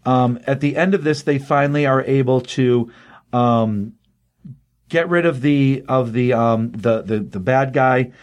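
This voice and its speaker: A man casually recapping a comic book story, lively, with quick voices for the characters he quotes. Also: medium pitch.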